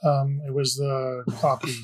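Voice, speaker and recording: A man playing a tabletop game, giving quick, matter-of-fact answers to the game master. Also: mid-range voice, monotone. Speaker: player.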